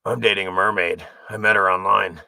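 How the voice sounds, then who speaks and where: Profane ranting man, gravelly voice. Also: sits low, steady tone, brisk, no room sound. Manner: profane, angry, rambling, sometimes shouting. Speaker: livestream host. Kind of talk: livestream rant.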